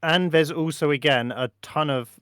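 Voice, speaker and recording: Laughing man hosting a relaxed chat. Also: a little high, moderate pace, clear, resonant tone, no room sound, clean studio sound. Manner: relaxed, laughs often, many fillers. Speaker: host of a live tour stream. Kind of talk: casual chat.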